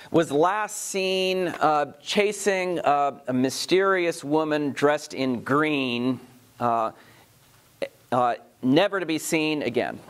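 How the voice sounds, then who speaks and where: A male pastor delivers a lecture on old stories. He speaks in a measured way, often pausing on filler sounds. His voice sits a little high for a man. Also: smooth. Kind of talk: lecture on literature.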